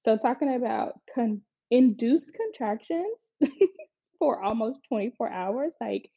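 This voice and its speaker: A young adult woman, a mother, tells her birth story in a chatty, frank way, often acting out what people said in lively voices. Her voice is a little high. The lo-fi recording is dry with no echo and sounds slightly dull.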